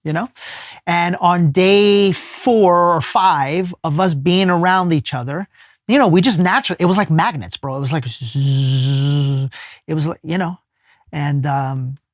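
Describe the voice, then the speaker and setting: A man, a life coach appearing as a podcast guest, telling a personal story in an earnest, emphatic way and sometimes dropping to a soft hush. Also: high voice, unhurried, no room sound, clean studio sound. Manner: casual speech with many fillers and restarts.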